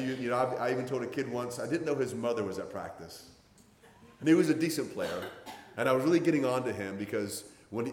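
A man in his sixties, a pastor giving a conversational sermon in a folksy, plainspoken storytelling manner. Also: medium pitch. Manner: folksy, storytelling, plainspoken with many hedging fillers. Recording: roomy sound with long hall reverb.

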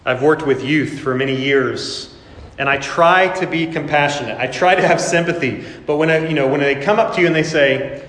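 A man's voice: on the high side, fairly quick, fairly bright tone. Man preaching in an echoey hall. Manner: acts out quoted voices, laughing asides. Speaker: pastor. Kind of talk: sermon.

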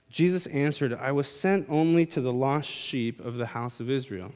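A man's voice: mid-range voice, moderate pace, hardly any pauses, darkish tone. A man preaching a sermon in a casual, conversational way, reading scripture aloud and then explaining it. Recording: long hall reverb.

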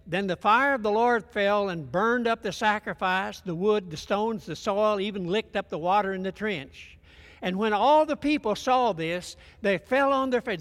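A man, in his later years, preaches in a folksy, lively way and acts out every quote. His voice sits high for a man, and a long reverb trails each line through the hall. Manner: folksy, animated retelling with acted quotes. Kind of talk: sermon storytelling.

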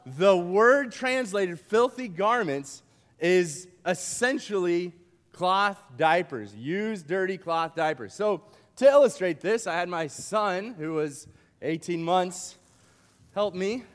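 A young man preaching to a youth camp with a playful, animated delivery, joking with the audience in a large hall. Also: high voice, slow. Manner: playful, animated, uses props and jokes with the crowd. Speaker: camp speaker. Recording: long hall reverb.

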